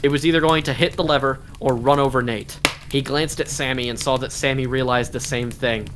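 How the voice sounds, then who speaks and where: A man's voice: medium pitch, steady tone, a little fast. A man telling a long story at a campfire to friends, playful, defending his pun. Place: outdoors by a campfire. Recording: faint background noise.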